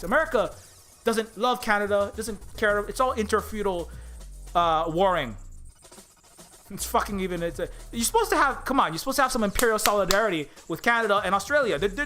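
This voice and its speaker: A man's voice: high-pitched, bright, forceful tone. A man ranting angrily on a livestream, swearing often and stumbling over his words with repeated restarts. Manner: angry, profane, stammering restarts. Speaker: indie game developer streaming live. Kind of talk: heated political rant on a livestream.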